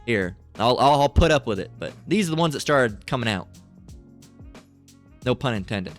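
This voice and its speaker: A middle-aged man who hosts a channel delivers a crude, profane, rambling rant, reading passages aloud between his asides and leaning on fillers and "right?". His animated voice sits at a plain middle pitch and moves at normal speed, with faint music in the background.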